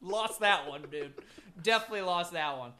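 A man's voice: high voice, expressive, moderate pace, sharp tone, a little hiss or hum. A man co-hosting a comedy podcast, riffing in casual, crude banter and laughing often. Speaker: podcast co-host.

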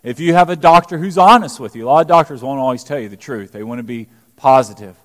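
A man's voice: medium pitch, quick pace, fairly bright tone, in a large hall. A man preaching a sermon as pastor, dramatically acting out the scripture he quotes.

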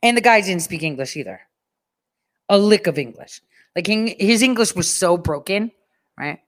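A woman's voice: mid-range voice, lively intonation, moderate pace. A woman telling a story in a casual, sarcastic rant, swearing freely and acting out what others said.

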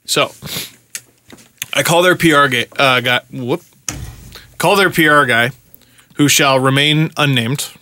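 A young man hosting a podcast, telling a story in casual chat, animated and profane, acting out his own rants. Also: medium pitch, slow pace, pauses often, dry recording. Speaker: podcast host.

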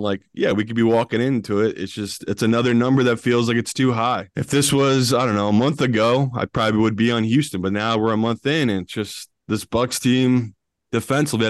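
A man's voice: mid-range voice, no room sound, clean studio sound. A man co-hosting a sports betting podcast, talking in a loose, teasing way and swearing casually.

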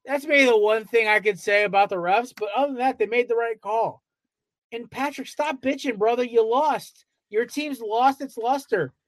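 A man's voice: extremely high pitch, moderate pace, dry recording. A man co-hosting a casual sports podcast, ranting with heavy profanity. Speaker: podcast co-host.

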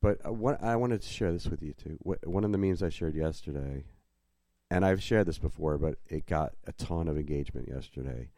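A man's voice: very deep voice, brisk, mellow, dry recording. A man co-hosting a podcast in casual chat, talking in an easygoing way with frequent restarts. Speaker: podcast co-host and group admin.

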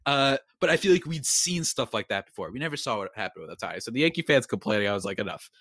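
A man's voice: mid-range voice, quick pace, no echo, clean studio sound. Rambling, upbeat young male podcast host. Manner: rambling, animated, self-interrupting. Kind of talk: casual sports talk.

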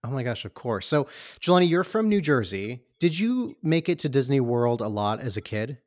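A man's voice: medium pitch, big pitch swings, moderate pace, a little mellow, dry recording, studio quality. A man from Michigan hosting a casual interview, upbeat and enthusiastic with his guest. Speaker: podcast host.

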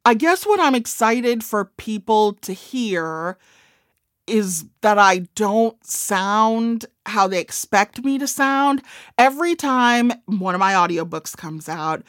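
A woman's voice: mid-range voice, animated, slow, a bit bright, dry recording, studio quality. A woman in her forties with a Midwestern accent, an author chatting in a wry, self-deprecating way. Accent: Midwestern American. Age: 40s. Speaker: author and comedian. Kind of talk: casual interview chat.

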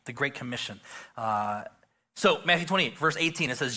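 A middle-aged male pastor preaching a casual sermon, joking and filling pauses with restarts. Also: medium pitch, expressive, bright, forceful tone. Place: church stage.

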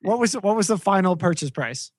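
A man's voice: sits high, animated, fairly quick, darkish tone, dry recording. A man hosting a podcast interview, teasing his guest about his mistakes in a joking way. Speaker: podcast host. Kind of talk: casual interview chat.

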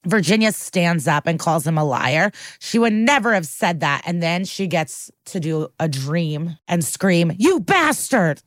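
A woman's voice: lowish voice, measured pace, hardly any pauses, dry recording, clean studio sound. A woman co-hosting a podcast, recapping a TV episode in a chatty, profane way and acting out the characters' lines. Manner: chatty, profane, acts out quotes. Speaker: podcast co-host.

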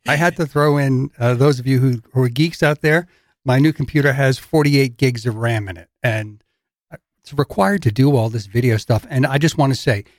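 A man's voice: mid-range voice, normal speed, dry recording, clean studio sound. Rambling joking male podcast co-host. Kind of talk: casual podcast chat.

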